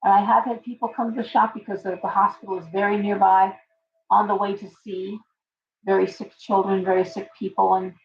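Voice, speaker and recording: A woman's voice: medium pitch, flat delivery, brisk, creaky, a little mellow, dull audio. A woman who runs a tarot shop, chatting casually on a live stream, rambling through stories and acting out her clients' lines.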